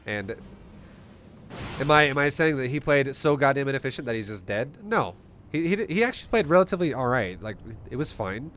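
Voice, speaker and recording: A man streaming a strategy game, explaining his play in an animated, swearing, rhetorical way. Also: mid-range voice, a little fast. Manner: animated, profane, rhetorical questions. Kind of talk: live-stream commentary.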